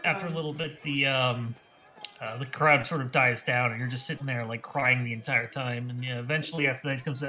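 A man's voice: medium pitch, fairly even intonation, a little fast, sharp tone, a little hiss or hum. A man narrating a tabletop game as game master, rambling and correcting himself with lots of fillers.

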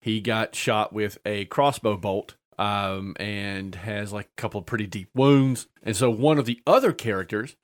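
A man's voice: on the low side, moderate pace, few pauses. A man casually telling a funny tabletop-game story, padding it with filler sounds and breaking into laughter.

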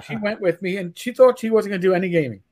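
A man from New York hosting a casual podcast chat, stumbling through restarts as he tells animated stories. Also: high-pitched, quick pace. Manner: stammering restarts, animated storytelling. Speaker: podcast host.

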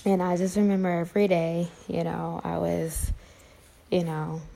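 A young woman telling a personal story to her viewers, halting with many fillers and restarts. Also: fairly low pitch, flat delivery, vocal fry, dark tone, rough recording. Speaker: vlogger.

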